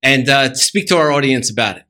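A man's voice: mid-range voice, fairly quick, pushed and bright. A man co-hosting a radio talk show, asking a guest a question casually. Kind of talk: radio interviewing. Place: radio studio.

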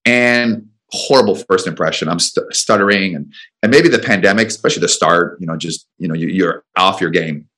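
Deep-voiced man telling a story. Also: fairly quick, pushed and bright. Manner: rambling, with restarts and acted-out dialogue. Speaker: business coach guest. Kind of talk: conversational storytelling. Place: radio studio.

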